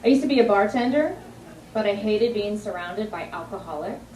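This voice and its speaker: A woman's voice: medium pitch, lively intonation, brisk, a little mellow. A young woman telling brash stories with punchlines in a stand-up comedy set on a club stage. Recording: roomy distant club recording. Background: audience laughter and room noise.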